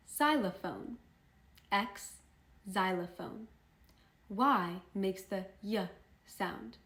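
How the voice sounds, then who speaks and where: A teenage girl teaching toddlers the alphabet, sounding out each letter and word slowly and cheerfully. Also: medium pitch, a bit bright, reverberant. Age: teens. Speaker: children's phonics teacher. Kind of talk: slow, deliberate phonics lesson for toddlers.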